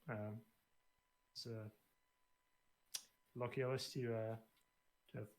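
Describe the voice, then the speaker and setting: A man playing in a tabletop game, talking in halting, hesitant bits with a joking tone. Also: medium pitch, flat delivery. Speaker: player. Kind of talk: casual tabletop play.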